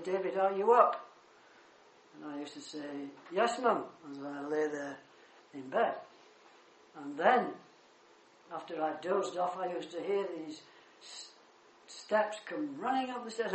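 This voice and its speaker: An older man preaching a sermon, telling a childhood story with animated swells of loudness on key words. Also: high-pitched. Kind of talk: sermon with personal anecdote. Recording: echoey church room.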